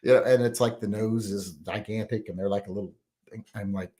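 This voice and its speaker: A man hosting a casual live chat, reading out viewer comments and rambling between them with frequent fillers and throat clearing. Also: on the low side, fairly even intonation, a little fast, dark tone.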